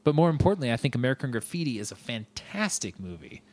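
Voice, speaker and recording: A man's voice: medium pitch, big pitch swings, fast talker. A young man hosting a podcast, chatting casually and enthusiastically with frequent rambling asides. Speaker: podcast host. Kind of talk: casual chat.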